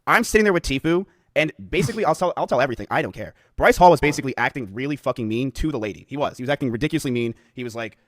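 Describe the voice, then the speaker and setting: A man's voice: mid-range voice, rapid-fire, few pauses, dry recording, clean studio sound. A male streamer animatedly retelling a story to his audience, cursing heavily and filling with "like". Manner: animated retelling, heavy cursing, many "like" fillers.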